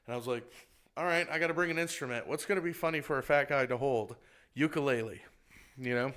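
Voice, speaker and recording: Bright-voiced Texan comedian telling a story. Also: male voice, fast. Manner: animated, acts out other people's lines with big pitch jumps. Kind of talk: casual storytelling chat.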